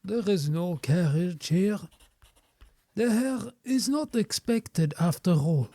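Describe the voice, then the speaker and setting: A man's voice: high voice, animated, takes it slowly, dark tone, no echo, full character voice. A man playing a nervous local coach driver in an audio drama, talking in a hesitant, evasive way. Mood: uneasy.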